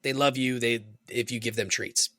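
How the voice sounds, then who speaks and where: A man in his thirties co-hosting a loose podcast conversation, his voice bright and forward. He tells stories with plenty of swearing and jumps high when he mimics someone. The recording is close and dry, with no room sound. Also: fairly even intonation, moderate pace, dry recording. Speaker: podcast co-host. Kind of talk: casual chat.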